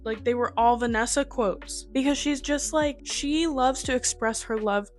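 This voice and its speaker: A woman's voice: high-pitched, normal speed, soft background music. A woman giving a casual, emotional book review, chatty and full of "like", laughing through tears. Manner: chatty, with many fillers of "like".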